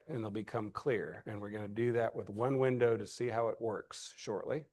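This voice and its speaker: A man's voice: mid-range voice, a little slow, hardly any pauses. A man serving as pastor, speaking to a church class in an earnest, conversational way with asides. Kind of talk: informal address to a church class.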